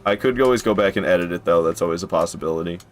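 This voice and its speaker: A man giving casual live commentary on a game, excitable, swearing casually and talking to his chat. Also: low voice, very fast, soft background music. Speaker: game streamer.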